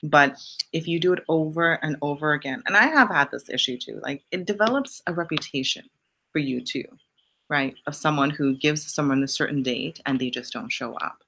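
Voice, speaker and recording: A low-voiced woman talks straight to her viewers on a live stream. She coaches bluntly and leans on punchy repeated lines that jump up in pitch. She swears for emphasis. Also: moderate pace, fairly bright tone. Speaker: live-stream host answering viewer questions. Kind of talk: casual motivational live stream.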